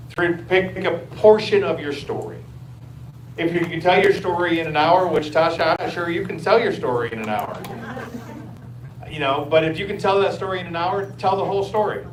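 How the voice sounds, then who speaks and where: A man giving direct, conversational coaching advice to an audience at a live event. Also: fairly high pitch. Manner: direct, conversational, a little teasing. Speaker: mentor answering questions. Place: large event room. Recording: echoey room, distant mic, faint noise.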